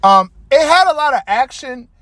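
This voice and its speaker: Here a wrestling commentator with a high voice, from around Detroit, loosely rants about a wrestling show at a moderate pace, swearing and getting animated. No room sound comes through the dry, close recording.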